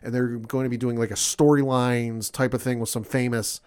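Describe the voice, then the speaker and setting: A man's voice: mid-range voice, flat delivery, moderate pace, a little mellow, smooth. A man hosting a casual podcast, recapping news in an enthusiastic, rambling way with many fillers. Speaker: podcast host. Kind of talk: casual sports and gaming chat.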